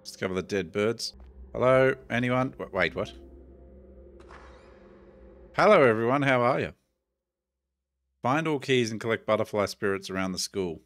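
A man's voice: on the low side, lively intonation, moderate pace, a bit bright. A middle-aged man with an Australian accent gives chatty, jumpy commentary while playing a horror game and talks to his viewers. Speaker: gaming YouTuber.

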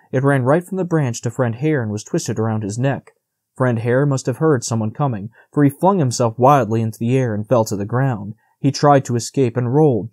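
A man narrates a classic storybook in a calm, measured way, his voice mellow and warm. The recording is dry and close with no room sound. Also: mid-range voice, dry recording. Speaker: audiobook narrator. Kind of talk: scripted narration.

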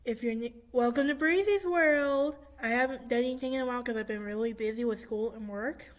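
A young woman in her twenties talking casually and excitedly to her viewers, with many fillers, recording in a church room. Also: fairly high pitch, brisk. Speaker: vlogger. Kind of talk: casual vlog chat.

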